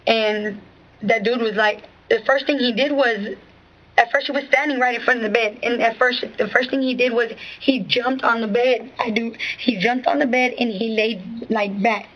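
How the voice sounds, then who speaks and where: A woman answers questions as a witness, rambling and cursing, restarting often and leaning on fillers like "you know what I'm saying." Her slightly high voice is fairly bright, with mostly even intonation at a moderate pace, and the recording quality is poor.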